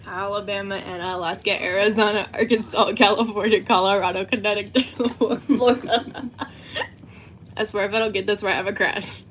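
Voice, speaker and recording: A woman's voice: medium pitch, steady tone, moderate pace, a little hiss or hum. A teenage girl with a Southern US accent, chatting and giggling to her livestream chat. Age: teens. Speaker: livestream host.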